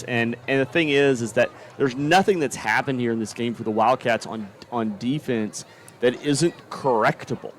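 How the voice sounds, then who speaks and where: A man giving color commentary at a live high school football game, folksy and analytical. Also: normal speed.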